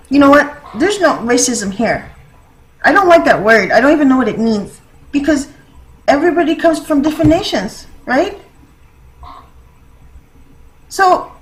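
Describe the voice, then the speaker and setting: Woman vlogger, high voice, rambling and chatty, laughs a lot. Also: rough recording. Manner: laughs often, rambling with many fillers. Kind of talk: casual rambling monologue.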